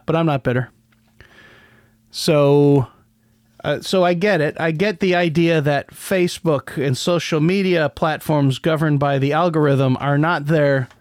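Male podcast host, sardonic and rambling, smooth resonant tone. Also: on the high side, dry recording. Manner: rambling, many restarts, sardonic. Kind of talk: casual solo commentary.

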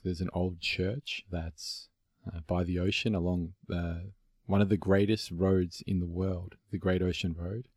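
A man from Australia hosting a casual podcast conversation, relaxed and reflective, with many fillers and restarts. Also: deep voice, breathy edge, dry recording, studio quality. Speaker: podcast host.

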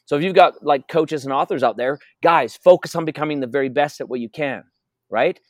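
A man's voice: on the high side, a little fast, no room sound. A man being interviewed as a wealth coach, telling stories with emphasis and repeating his key phrases. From North America. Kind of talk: energetic interview talk.

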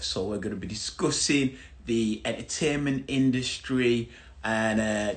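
A man with a Yorkshire accent, hosting a casual podcast interview over a video call in an upbeat, chatty way. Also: on the low side. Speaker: podcast host.

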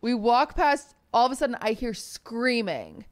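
A young woman co-hosting a podcast, telling stories in casual chat and acting out the people in them. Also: unhurried. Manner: animated storyteller, acts out quotes in high voices. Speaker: podcast co-host.

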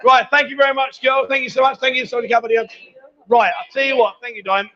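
A chatty, high-voiced man hosts a livestream from a busy bar with a pool table, talking fast in a pushed, bright voice with fairly even intonation. He teases and calls everyone darling in casual live banter, heard through dull lo-fi audio over bar crowd chatter.

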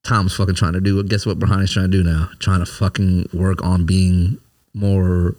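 A man's voice: low voice, flat delivery, moderate pace, darkish tone. A man in his late thirties talking candidly about feelings, searching for words with frequent restarts and fillers. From immigrant family, came to America as a child. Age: 30s. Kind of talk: candid conversation.

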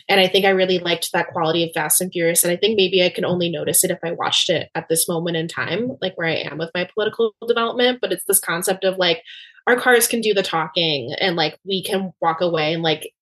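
A woman's voice: fairly low pitch, fairly bright tone. A woman chatting as a podcast guest, talking freely with lots of fillers and restarts. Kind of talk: casual chat.

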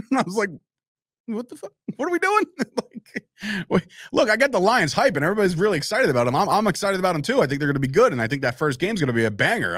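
An opinionated man hosts a live sports talk show, riffing and swearing as he goes. His pitch swings widely from line to line. The sound is close and dry, with no room echo. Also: fairly bright tone. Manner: opinionated, rambling, swears, reacts to live chat. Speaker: podcast host.

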